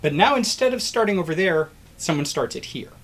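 A man's voice: fairly high pitch, fairly quick. A man giving a recorded biology lecture, explaining step by step and acting out a crowd doing the wave, encouraging to his students. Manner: animated, acts out cheering crowd voices in examples.

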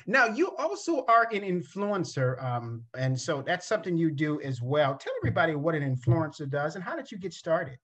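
A man's voice: fairly high pitch, very animated, moderate pace, hardly any pauses, a bit bright. A man hosting a talk show, enthusiastically greeting his guest and reading out viewer questions. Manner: enthusiastic, complimentary, hesitant fillers. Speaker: host.

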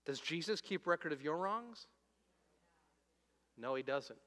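A man preaching a sermon as pastor, animated, swinging from loud emphasis to soft, low asides. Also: unhurried. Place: church auditorium. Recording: long hall reverb.

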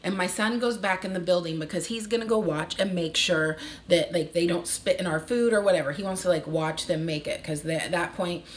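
Animated woman in her thirties, casual storytime vlog, slightly low voice, faint room noise. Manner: animated, acts out quoted voices. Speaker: vlogger.

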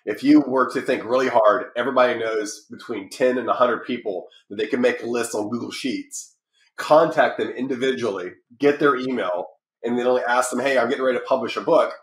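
A middle-aged man, founder of a publishing company, guests on a podcast in an echoey room, speaking at a moderate pace in a mid-range voice. His casual interview talk rambles, full of restarts and fillers, and he gets animated when telling stories.

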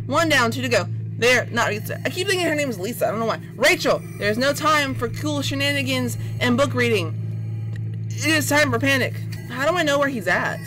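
A woman's voice: sits high, animated, a little fast, rough recording. A woman commenting on her own horror game play, panicky and nervously repeating words. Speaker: gamer playing a horror game. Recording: game music playing behind.

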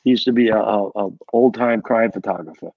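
A man's voice: fairly low pitch, brisk, no room sound, dull audio. A man, a retired fire captain, telling rambling stories in a casual chat and repeating his words as he goes. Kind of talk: casual storytelling.

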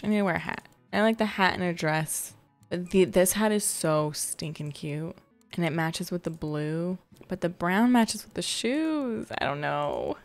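A woman giving excited gameplay commentary, gushing and squealing with delight. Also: on the low side. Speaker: gaming video creator.

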